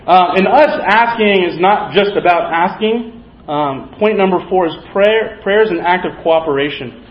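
Man preaching a story-filled sermon, high voice. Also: moderate pace. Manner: storytelling, acts out quoted characters. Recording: echoey, slightly dull sound.

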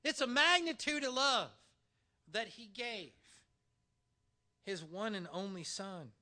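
A man delivering a sermon with a very high pitch and a bright, tense edge. He preaches in an animated, emphatic way and stretches key words with dramatic pauses. He speaks in a church. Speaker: pastor.

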